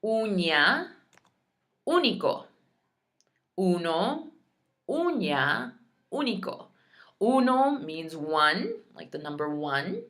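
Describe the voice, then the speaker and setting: A woman teaching a recorded Spanish lesson, slowly drilling words and repeating each one, with chatty asides between drills. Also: lowish voice, very animated, a bit bright. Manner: slow, careful pronunciation drills, repeating each word.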